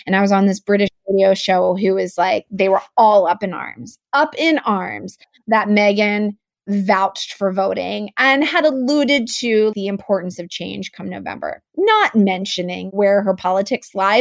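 A young woman from the United States, a guest speaking in an animated, outspoken way, with many "like"s in casual conversation. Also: medium pitch, gravelly, dry recording.

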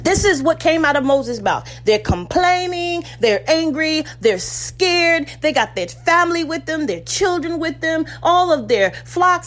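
A fervent woman delivers a sermon with a high, bright voice. She speaks personally to her listeners and acts out the voices of biblical figures as she tells the story. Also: animated, unhurried, hardly any pauses. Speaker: preacher.

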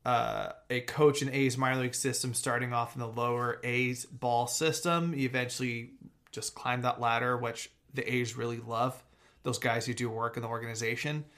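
A young man co-hosting a casual sports podcast, joking around and running through team news in a lively way. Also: mid-range voice, normal speed. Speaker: podcast co-host.

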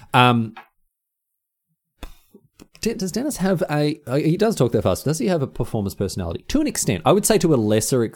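A man with an Australian accent, hosting a podcast in casual, chatty talk and answering listener questions. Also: on the low side. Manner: lively, exclaiming, chatty. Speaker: podcast host.

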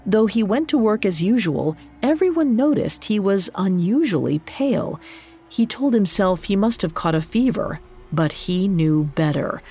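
A woman narrating a folk tale in a measured, even scripted reading. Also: mid-range voice, husky. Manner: measured, even storytelling delivery. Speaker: storyteller.

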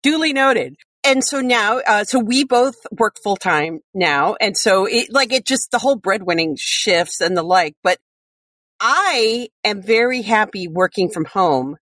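A woman's voice: mid-range voice, expressive, measured pace, fairly bright tone, no echo. Chatty woman, laughing easily, dry sound. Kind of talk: casual conversational interview.

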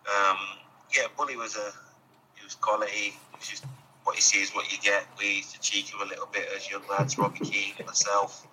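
A man recalling stories of a former teammate in a relaxed recorded tribute message. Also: on the low side, a little fast, slight background noise, poor audio.

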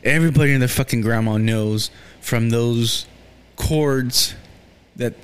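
A man talks through episodes of a series in a loose, casual recap. His voice sits at an ordinary middle pitch. He rambles, restarts his sentences, leans on fillers, and swears freely when he gets heated. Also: unhurried, clean tone. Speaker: show recapper.

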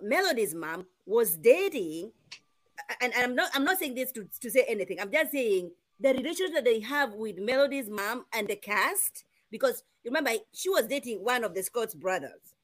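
Woman co-host, higher voice, calm, patient, soft-spoken. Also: moderate pace. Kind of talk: reaction chat.

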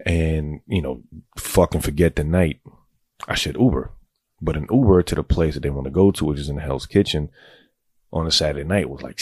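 A man's voice: very deep voice, a little mellow, husky, no room sound, studio quality. A man telling a long, rambling personal story in casual, profane street talk. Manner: rambling, streetwise, goes on tangents.

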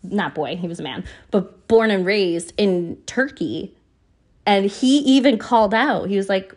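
A woman hosts her own podcast in a relaxed, open-hearted way. She speaks earnestly and is quick to be moved, and she scatters "you know" through her sentences. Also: mid-range voice. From United States. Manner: heartfelt and earnest, often emotional, many "you know" fillers. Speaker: podcast host. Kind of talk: casual podcast monologue.

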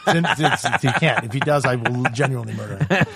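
Fast-talking Canadian actor, foul-mouthed. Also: male voice, medium pitch, gravelly, a bit bright. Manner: profane, laid-back, rambling. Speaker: actor guest. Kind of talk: casual podcast chat.

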